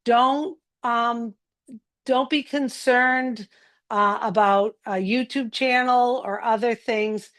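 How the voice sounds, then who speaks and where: A woman giving encouraging instructions on a live online group call. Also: a little high. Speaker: community group speaker.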